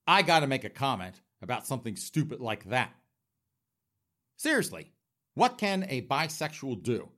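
A man's voice: mid-range voice, fairly bright tone. A man in a campy, flamboyant comedic rant, mock-indignant, talking straight to his audience with laughing asides. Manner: frequent laughing asides and direct audience address. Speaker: comedic commentator host.

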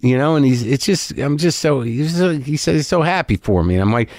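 A man hosting a podcast, talking in a rambling, profane, animated and self-deprecating way from a home studio. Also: medium pitch, a little fast, hardly any pauses, no room sound. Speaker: podcast host. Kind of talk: monologue and casual interview.

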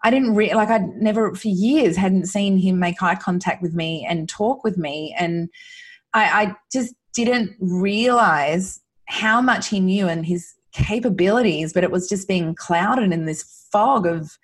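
A woman with a husky, slightly breathy voice speaks as a guest on a podcast. Her pitch sits in an ordinary middle range. She talks earnestly and from the heart, often restarting her sentences. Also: unhurried. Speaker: guest, mother sharing her son's recovery. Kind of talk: emotional podcast conversation.

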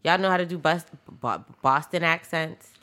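A woman's voice: sits low, normal speed, sharp tone. A woman co-hosting a podcast, playful and laughing often as she steers the casual chat. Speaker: podcast co-host.

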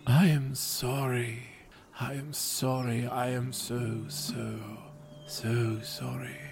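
A man voicing a humble, sorrowful god of small things, speaking quietly and mournfully. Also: mid-range voice, level tone, slow, creaky, faint music behind. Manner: quiet, shivering, mournful speech.

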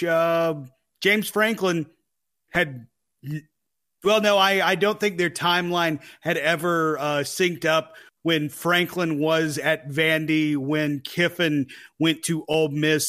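Male co-host, bright forceful tone, playful ribbing, loose rambling delivery. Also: high voice. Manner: teasing, rambling. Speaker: podcast co-host. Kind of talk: casual sports chat.

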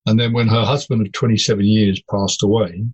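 A man, a podcast guest, telling personal stories in an animated, digressive way. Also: on the low side, fairly quick, noisy background. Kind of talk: storytelling in casual conversation.

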